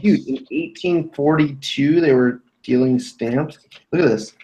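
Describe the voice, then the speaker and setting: A man's voice: medium pitch, a little slow, mellow, dull audio. A man chatting casually on a live stream, joking and swearing as he shows off old items. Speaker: co-host showing items.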